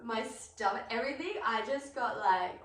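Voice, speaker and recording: A young woman telling a travel story in casual chat, lively and full of fillers, acting out her own panicked thoughts. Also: on the high side, normal speed, far from the mic. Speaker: podcast guest. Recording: roomy echo, a bit off mic, faint hiss.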